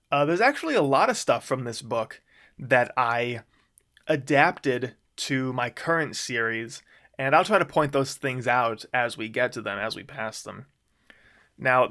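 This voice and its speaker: A man with an ordinary mid-pitched voice talks through notes on a story he wrote. He rambles casually, leaning on fillers and breaking into small laughs as he goes. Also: fairly bright tone. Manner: chuckles often, loose and rambling with fillers. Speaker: author discussing his own story. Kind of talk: casual commentary on his own writing.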